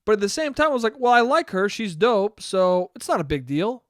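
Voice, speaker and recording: Man, high voice, very lively pitch, casual podcast storytelling, profane, quick to laugh. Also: dry recording, clean studio sound. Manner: profane, animated, laughs often. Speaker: podcast host.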